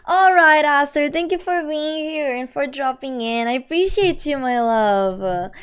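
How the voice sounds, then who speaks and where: A woman's voice: high-pitched, unhurried. Chatty young woman live streamer. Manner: chatty, reads chat aloud, slangy. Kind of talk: casual stream chat.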